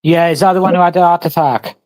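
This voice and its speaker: A man's voice: sits high, fairly even intonation, fast talker, a little mellow. A man in casual livestream chat, talking bluntly and crudely, mocking others.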